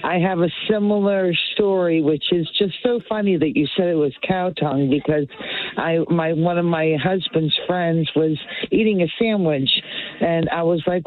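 A woman's voice: sits low, steady tone, moderate pace. A woman caller telling a rambling story in casual chat, quoting herself over and over. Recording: tinny phone line.

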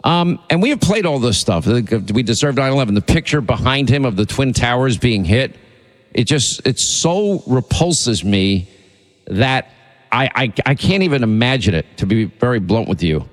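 Male talk radio host, indignant and rambling, average pitch, reverberant sound. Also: animated, moderate pace. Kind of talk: opinionated talk radio monologue.

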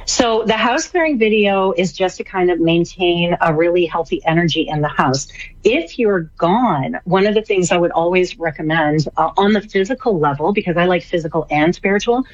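A woman's voice: on the low side, moderate pace, muffled recording. A woman guest on a radio talk show, speaking casually and enthusiastically, repeating phrases for emphasis. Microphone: remote line, traveling.

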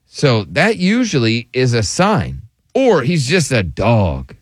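A man's voice: mid-range voice, huge pitch swings, slow, no room sound, studio quality. A man hosting a radio show, chatting casually with a co-host and laughing often. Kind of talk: casual morning show banter.

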